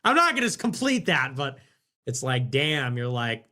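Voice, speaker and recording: A man hosting a livestream, rambling sarcastically, laughing often, swearing and dropping into low mutters. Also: big pitch swings, unhurried, pushed and bright. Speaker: livestream host. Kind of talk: casual livestream commentary.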